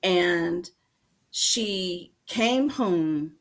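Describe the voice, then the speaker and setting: Drawing out her words in a fairly low voice, an author and femininity coach in her fifties from North Carolina tells stories as an interview guest. The conversation is casual, and she performs other people's lines with animation.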